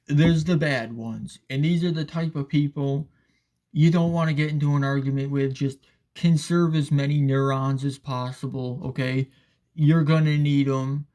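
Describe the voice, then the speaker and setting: A man's voice: medium pitch, a little mellow. A man giving a casual, profane, sarcastic rant as commentator, often asking "all right?".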